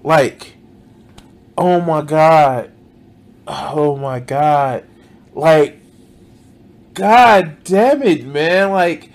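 A man's voice: on the high side, extremely slow, pauses often. A man reacting to a video with casual commentary. He is exasperated, swears a lot and says "like" constantly. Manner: exasperated, swears often, frequent "like".

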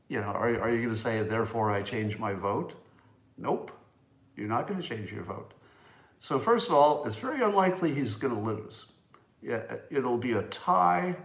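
Man, solo commentary host, conversational, emphatic, echoey room. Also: medium pitch. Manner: conversational, emphatic, musing aloud. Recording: roomy echo.

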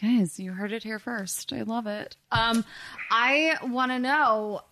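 A woman's voice: on the high side, takes it slowly, pushed and bright, slight background noise, low-quality recording. Chatty woman hosting a podcast. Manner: chatty, enthusiastic, frequent "like". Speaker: podcast host. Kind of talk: casual chat.

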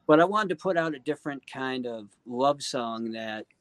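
A man guesting on a casual podcast interview, talking earnestly and warmly, with lots of "you know" and "um". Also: mid-range voice, animated, normal speed, dry recording. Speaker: guest singer-songwriter.

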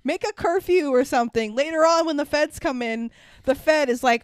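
A young adult woman with a high voice talks at normal speed, with no echo. As a podcast co-host in a casual movie review chat, she's animated and sarcastic about the movie, swearing freely and acting out its lines.

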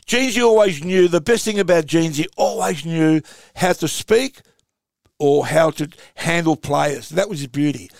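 A gravelly Australian man in his sixties tells long, wandering stories as a podcast guest. His slightly raised voice is peppered with fillers and asides. It sounds dry and close. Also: a little high, lively intonation, a little slow, dry recording. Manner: rambling anecdotal storyteller, many fillers. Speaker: guest, former footballer. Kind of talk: casual podcast chat.

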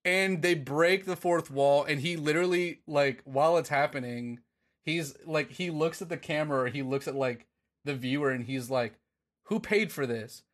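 A man's voice: fairly high pitch, normal speed. A man co-hosting a podcast in a rambling, casual chat, swearing and laughing often. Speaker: podcast co-host.

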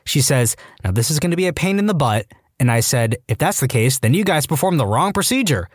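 A man's voice: on the high side, sing-song, a little fast, no room sound, studio quality. A man narrating a string of online stories aloud, acting out the quoted lines with animation. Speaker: story narrator.

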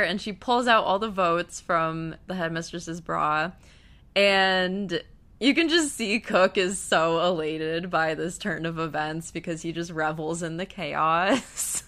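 A young woman talks through a show's episode in a casual, gushy way, swinging from hushed asides to loud outbursts. Her voice is bright and crisp, sitting a little low for a woman. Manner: gushing, emotional, swings between hushed and loud. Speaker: TV recap vlogger.

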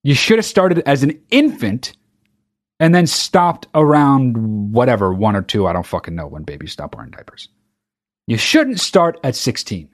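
A man's voice: medium pitch, very animated, normal speed. A man hosting a comedy commentary show, reading a news article aloud and reacting with sarcastic, profane disbelief. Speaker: show host.

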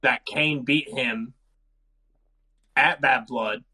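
A man's voice: medium pitch, steady tone, drawn-out words, sharp tone, slightly rough, poor audio. A man on a podcast making offhand remarks in casual chat.

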